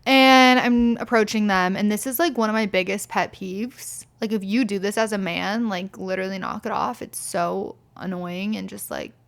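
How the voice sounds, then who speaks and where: A woman's voice: medium pitch, steady tone, moderate pace, creaky, hardly any pauses. A young woman hosting a podcast, telling stories in a blunt, exasperated way, swearing freely and saying "like" often. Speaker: podcast host. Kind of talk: casual storytelling monologue.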